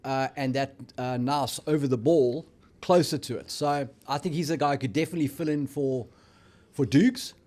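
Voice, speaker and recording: A man's voice: mid-range voice, normal speed, darkish tone. A man co-hosting a casual rugby chat, with dry, wisecracking asides. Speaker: co-host.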